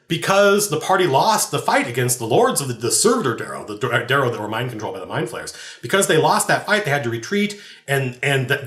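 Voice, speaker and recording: A man's voice: on the high side, a bit bright. A man and game master telling a story from his tabletop game in a rambling, laughing way with many restarts. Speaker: game master and podcast host. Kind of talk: casual anecdotal storytelling. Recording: roomy echo.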